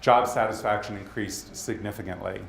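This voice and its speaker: A man with a Boston accent giving a presentation at a leadership summit, talking straight to the audience and tossing in quick asides. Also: lowish voice, fairly even intonation, vocal fry, a bit bright. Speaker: conference speaker. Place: conference hall. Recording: roomy hall with faint background noise.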